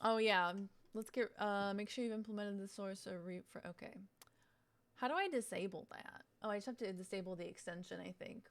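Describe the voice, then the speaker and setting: A woman's voice: mid-range voice, brisk. A woman streaming on Twitch, chatting casually as she sets up, rambling, swearing freely and poking fun at herself.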